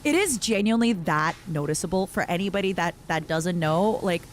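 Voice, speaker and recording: A woman's voice: lowish voice, a little fast, a little hiss or hum. A woman talking casually on a stream and telling a personal story, acting out her own reactions as she goes. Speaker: guest streamer. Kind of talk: casual chat.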